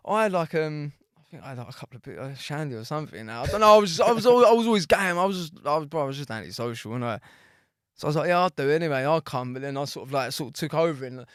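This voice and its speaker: Fast-talking man in his thirties. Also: on the high side, no room sound, studio quality. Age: 30s. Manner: animated storytelling full of street slang and swearing. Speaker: podcast guest. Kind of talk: casual storytelling interview.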